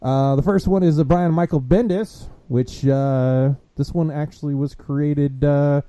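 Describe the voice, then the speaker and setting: Dark-voiced podcast host man. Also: on the high side, a little slow, clean tone, no echo. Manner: animated storytelling, mimics angry gamers. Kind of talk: casual chat. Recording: dull lo-fi podcast audio.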